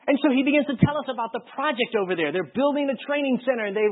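A male pastor with a high, husky voice tells a story from the pulpit and acts out each exchange with lively energy. The sound is thin and narrow, like it is coming through a phone line. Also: racing. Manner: lively storyteller acting out dialogue. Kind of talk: storytelling sermon.

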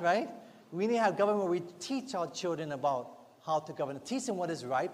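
A man preaching a sermon in a church, earnest and conversational, often adding rhetorical asides to the congregation. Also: sits high. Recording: long hall reverb, faint music behind.

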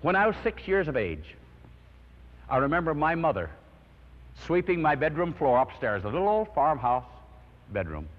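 A man's voice: fairly high pitch, big pitch swings, moderate pace, pauses often. A man preaching a sermon, telling his own testimony in an earnest storytelling way and praying. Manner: earnest storytelling, swelling with emotion. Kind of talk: sermon with personal testimony and prayer. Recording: dull lo-fi recording in long-reverb hall.

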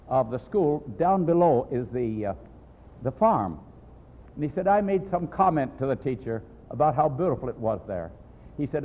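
An older man, a pastor, preaching with folksy stories and acting out dialogue in raised voices. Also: a little high. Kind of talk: sermon with storytelling. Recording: tinny old phone-like tape in a reverberant hall.

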